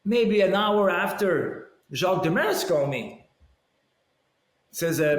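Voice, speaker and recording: A French Canadian man telling stories as a podcast guest, his voice a touch high and swinging widely in pitch. He acts out the voices of the people he quotes as he talks. The sound has a roomy echo around it. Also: slow. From Montreal, Canada. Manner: animated, acts out quoted dialogue. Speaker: podcast guest, former hockey player. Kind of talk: casual storytelling.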